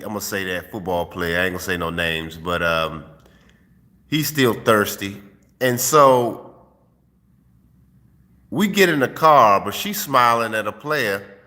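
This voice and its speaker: A man's voice: mid-range voice, bright, forceful tone, long reverb tail. A man, host of his own channel, giving streetwise dating advice in a casual, profane vlog monologue into a phone. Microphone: phone held while filming.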